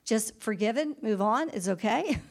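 A woman's voice: fairly high pitch, lively intonation, moderate pace. A woman leading a women's Bible study, talking it through casually with fillers and frequent laughs. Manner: chatty, thinks aloud with fillers; laughs often while retelling. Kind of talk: informal Bible teaching.

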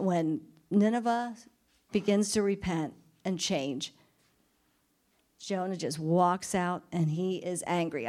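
A woman's voice: on the low side, dark tone. A woman leading a women's Bible study, talking it through casually with fillers and frequent laughs. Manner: chatty, thinks aloud with fillers; laughs often while retelling. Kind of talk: informal Bible teaching.

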